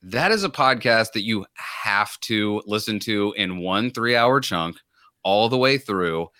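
Bright-voiced man on a dry podcast mic. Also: lowish voice, lively intonation, a little slow, dry recording. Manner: joking, laughs often, quotes people in silly voices. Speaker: podcast host. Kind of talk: casual comedic podcast chat.

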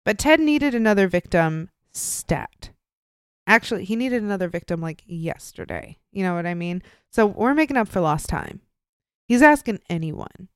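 Smooth-voiced young woman telling a true-crime story. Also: mid-range voice, moderate pace, no room sound, studio quality. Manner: animated, profane, acts out quoted voices. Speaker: podcast co-host.

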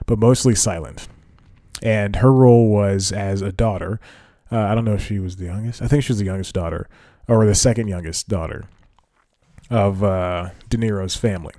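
A man's voice: deep voice, dark tone, no room sound, clean studio sound. A man hosting a podcast, talking casually in a rambling way, often correcting himself and laughing at his own remarks. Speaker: podcast host. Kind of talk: casual solo podcast talk.

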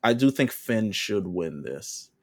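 A man co-hosting a podcast, chatting casually in a relaxed, slangy way. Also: lowish voice, slow pace. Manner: relaxed, loose with fillers and slang. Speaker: podcast co-host. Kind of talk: casual chat.

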